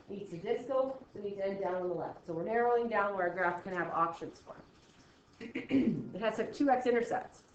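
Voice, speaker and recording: In a recorded classroom math lesson, a woman teacher explains things chattily, frequently checking in with "okay?" and acting out how students react. Her voice is medium in pitch, and the roomy, slightly dull recording carries a little hiss or hum.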